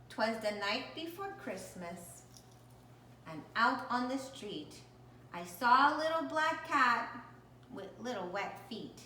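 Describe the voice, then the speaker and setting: A woman reads a picture book aloud in a slow, unhurried way, now and then pausing to talk about the pictures. Her voice is bright and rises and falls a lot. The recording sounds roomy and distant, with faint background noise. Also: fairly high pitch. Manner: animated, stops to point out the pictures. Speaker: storybook reader. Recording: echoey room, distant mic.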